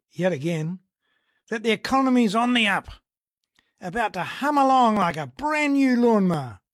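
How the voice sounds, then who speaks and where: A stiff, wide-eyed male candidate with a New Zealand accent, as a speaker puts him on gives a folksy, mock-sincere stump speech. He blusters in a plain middle pitch, and his voice is dry and close. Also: no echo.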